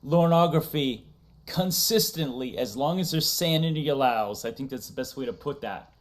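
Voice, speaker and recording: A man's voice: mid-range voice, animated, normal speed. A man hosting a casual livestream chat, talking loosely, laughing often and reading chat messages aloud. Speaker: streamer host.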